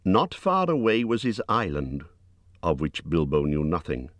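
A man reading a storybook aloud in a measured narrating voice, lifting his pitch for the hero's lines. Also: wildly swooping pitch, no echo. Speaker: audiobook narrator.

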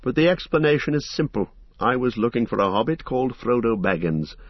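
A man voicing a wary, grim male ranger in an audiobook, measured and guarded in his delivery. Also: medium pitch, lively intonation, dry recording, muffled recording, pitched above the performer's own voice, close to an everyday voice. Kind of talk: audiobook character voice.

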